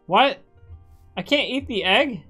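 A woman's voice: fairly high pitch, lively intonation, takes it slowly, a bit bright, breathy edge. A woman streaming a video game in casual chat, jumpy and swearing often, shrieking when startled. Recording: faint music behind. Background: background music.

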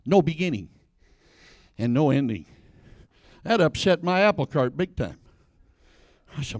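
An older man preaching a sermon in church, telling folksy stories and breaking into shouts. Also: high voice, wildly swooping pitch, measured pace, pauses often, no room sound, studio quality. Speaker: pastor.

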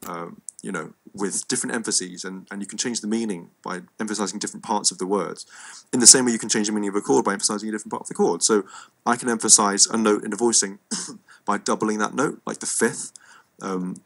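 English man, head cold, low gravelly voice, rambling playful music lesson. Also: fairly even intonation, fast talker. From England. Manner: rambling, playful asides, frequent ums. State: has a cold. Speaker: musician teaching a class.

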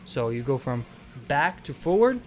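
Brief: young man, casual tutorial talk, mid pitch, faint music behind. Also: sing-song, moderate pace. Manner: explains with many fillers and "okay?" check-ins. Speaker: vocal tutorial creator.

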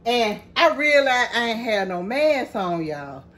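A woman's voice: on the high side, sing-song, a little slow, fairly bright tone. A woman chatting casually with her viewers while she cooks in her home kitchen, laughing easily and calling them y'all. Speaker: cooking vlogger. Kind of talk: casual cooking vlog chat.

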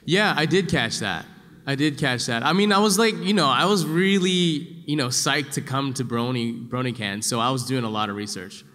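A man's voice: medium pitch, moderate pace. Chatty man in an echoey hall. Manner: chatty, laughs often, breaks into loud yelled voices when telling stories. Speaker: voice actor guest on a convention panel. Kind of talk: casual panel Q&A answers. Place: large convention hall.

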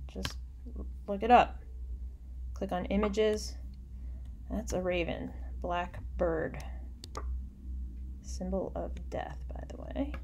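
A woman teaching a recorded poetry lesson, explaining patiently and muttering quiet asides to herself while she annotates on screen. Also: lowish voice, takes it slowly, pauses often, slight background noise.

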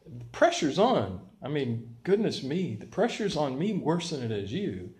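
An older man delivers a sermon, pastor at the pulpit. His voice sits a little higher than most men's. He spins a lively, self-mocking story with plenty of humor. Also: measured pace.

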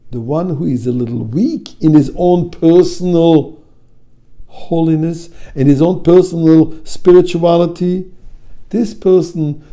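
A man, a rabbi, delivering a sermon and telling a joke, sprinkling Hebrew and Yiddish terms through animated storytelling. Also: a little high, gravelly.

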